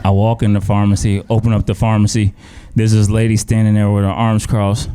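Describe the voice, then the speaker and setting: A man's voice: fairly low pitch, flat delivery, brisk. A male pharmacist doing stand-up, sassy, acting out both sides of a counter exchange. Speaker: pharmacist comedian. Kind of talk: stand-up comedy routine. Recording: live club with loud crowd and noise.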